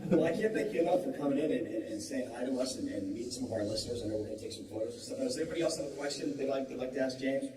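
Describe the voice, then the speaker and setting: A man's voice: medium pitch, racing, hardly any pauses. A man co-hosting a casual radio interview, joking and wry. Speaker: radio host. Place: radio studio. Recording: roomy, distant mic, crowd noise.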